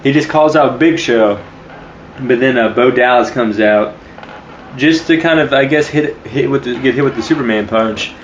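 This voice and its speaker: A man's voice: mid-range voice, moderate pace, echoey room, muffled recording, slight background noise. Laid-back man recapping on a podcast. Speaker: podcast co-host. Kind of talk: casual wrestling review chat.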